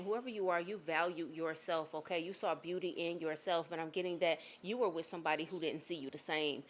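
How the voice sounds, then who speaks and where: A psychic reader with a lowish voice gives a spiritual reading to an unseen viewer, and there's slight background noise. She's emphatic and blunt, swears casually, and keeps checking in with "okay?" and "all right?"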